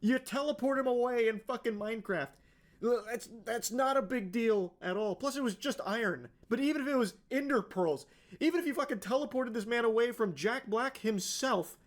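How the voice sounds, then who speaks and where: A man's voice: very high-pitched, normal speed. A young man streaming live, reading a post aloud and reacting with sarcastic, swearing commentary.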